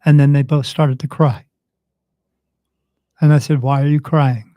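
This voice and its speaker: A man with a fairly high voice recounts a story as a guest on an interview show, acting out each person's lines as he goes. The sound is dry and close, with no room around it. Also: unhurried, no room sound. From United States. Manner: animated retelling, acts out quoted dialogue. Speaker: spirit medium guest.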